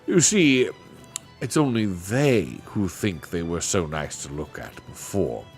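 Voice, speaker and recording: A man voicing a mild, sleepy old male magician who talks in a gentle, chuckling, rambling way. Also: low-pitched, sing-song, slow pace, soft background music, exaggerated voice. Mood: genial.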